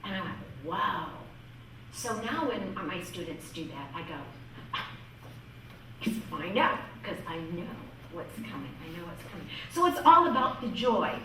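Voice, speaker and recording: A woman from northwest Ohio, a music teacher giving a lively storytelling workshop talk to fellow teachers. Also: on the low side, fairly quick, few pauses, slight background noise. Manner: lively, storytelling, quotes voices. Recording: echoey room from far off.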